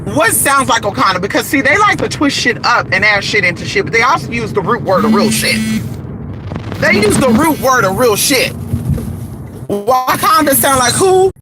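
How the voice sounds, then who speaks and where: A man's voice: very high-pitched, very animated, fairly quick, music in the background. A man from California ranting on a casual livestream, brash and profane, talking back to his viewers. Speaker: livestreaming vlogger. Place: indoors, not at home. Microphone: phone.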